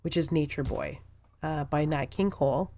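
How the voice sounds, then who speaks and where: A woman co-hosting a podcast, chatting in a relaxed way and laughing now and then. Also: low-pitched, normal speed, creaky, a little hiss or hum. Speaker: podcast co-host. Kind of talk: casual podcast chat.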